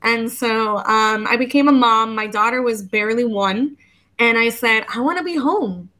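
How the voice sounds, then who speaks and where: A woman in her thirties from the United States talks as a guest in a relaxed interview. Her voice sits a little high and comes across bright and forceful. She tells her story with lively energy and often acts out her own earlier words. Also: moderate pace, poor audio. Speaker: podcast guest, legal educator. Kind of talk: casual interview conversation.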